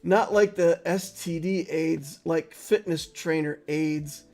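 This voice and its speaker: A man's voice: on the high side, slow, darkish tone, soft background music. A man giving casual live-stream commentary on a game, chatting playfully with viewers and laughing easily. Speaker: gaming streamer.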